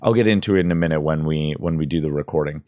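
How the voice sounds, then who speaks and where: Man, deep low voice, dry close sound, casual tutorial, rambling, hesitant. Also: very fast, a little mellow, dry recording. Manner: rambling, hesitant, many fillers and restarts. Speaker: audio tutorial host. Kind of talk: casual screen-recorded tutorial.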